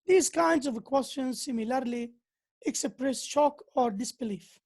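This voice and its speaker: A woman gives an English grammar lecture in a high voice. She talks slowly and deliberately, repeating key phrases and pausing now and then to find her words. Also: darkish tone, breathy edge. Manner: slow, repeats key phrases, occasional hesitations.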